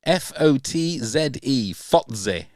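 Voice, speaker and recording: A man hosting a podcast quiz in casual banter, teasing his guests, spelling words out slowly and laughing often. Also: medium pitch, lively intonation, darkish tone, no echo, clean studio sound. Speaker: podcast host running a quiz.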